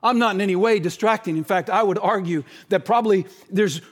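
Impassioned male preacher, rising to shouts. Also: high-pitched, a little fast. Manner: impassioned, swings from shouting to hushed. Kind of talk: sermon.

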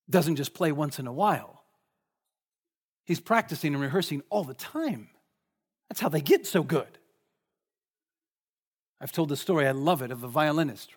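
Man, preacher, sermon, slightly high voice, conversational, asks listeners questions.

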